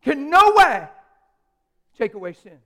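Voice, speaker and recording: A man preaching a live sermon in a church hall, emphatic and joking with the congregation, swinging from hushed asides to loud declarations. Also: very high-pitched, very animated, slow. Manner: jokes with the congregation.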